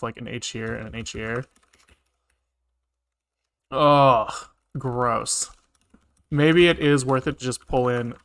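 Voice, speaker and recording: A man with a mid-range, sharp-toned voice and some vocal fry live-streams his programming, thinking aloud and muttering to himself with casual swearing. A faint hiss or hum sits in the recording, and keyboard typing and clicking carry on behind him.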